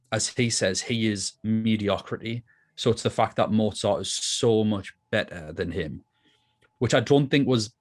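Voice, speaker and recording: A man co-hosting a film review podcast, chatting casually and thinking aloud with plenty of restarts. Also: fairly low pitch. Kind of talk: casual chat.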